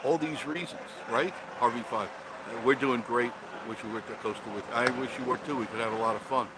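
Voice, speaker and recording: Older man, casual live-stream host, mid-pitched voice, phone mic, outdoors, clear traffic noise. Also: fairly quick. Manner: chatty, greets viewers by name. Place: outdoors by a roadside attraction. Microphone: phone held for a live stream.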